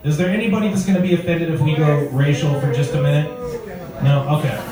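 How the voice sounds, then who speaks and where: A man's voice: fairly high pitch, steady tone, quick pace. A male stand-up comedian telling crude stories conversationally and working the crowd from a comedy club stage. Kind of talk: stand-up set. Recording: echoey club from far off, crowd.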